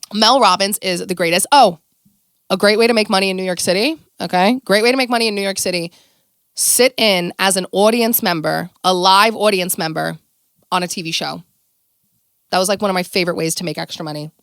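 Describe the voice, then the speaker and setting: A woman hosting her own podcast, giving a casual motivational monologue in a blunt, animated way and swearing freely. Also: medium pitch, dry recording, clean studio sound. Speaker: podcast host.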